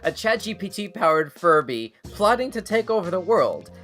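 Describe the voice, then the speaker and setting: A man hosting a live weird news reaction show, excitable and laughing, with stumbling restarts. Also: high-pitched, normal speed, soft background music. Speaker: show host.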